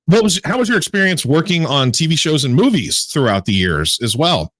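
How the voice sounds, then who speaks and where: A man's voice: fairly high pitch, sing-song, a little fast, a bit bright, no room sound. A man hosting a podcast interview, enthusiastic and chatty, often stopping and restarting his sentences. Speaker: podcast host. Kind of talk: casual interview chat.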